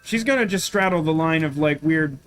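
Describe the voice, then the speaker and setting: A man's voice: a little high, a little fast, a bit bright, clean tone, soft background music. A man giving casual gameplay commentary with self-deprecating asides. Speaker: let's play gamer.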